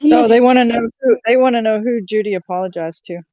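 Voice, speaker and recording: A mid-pitched caller comes through a dull, muffled voice-call line. They talk bluntly and swear freely. The sound is dry, with no room around it. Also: fast talker, no echo. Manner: blunt and profane. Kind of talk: casual voice chat.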